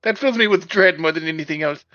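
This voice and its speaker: High, bright-voiced male player. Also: quick pace, no room sound, lo-fi sound. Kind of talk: casual tabletop play.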